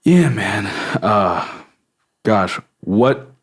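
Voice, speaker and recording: A man with a fairly low voice hosts a relaxed podcast talk. He speaks in an earnest, reflective way and often murmurs along as he listens. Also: drawn-out words, husky. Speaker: podcast host. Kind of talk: casual conversation.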